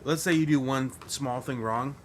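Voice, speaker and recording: A man speaking as a guest in a casual podcast chat, a fast, profane storyteller who mimics other people. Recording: faint rumble and background noise.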